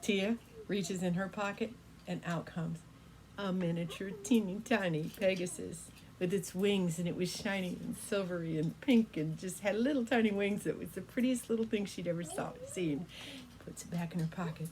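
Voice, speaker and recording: An older woman telling an improvised bedtime story in a gentle, folksy way as a grandmother storyteller. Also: on the low side, moderate pace, slight background noise. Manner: gentle, folksy, with fillers like "kinda" and "you know".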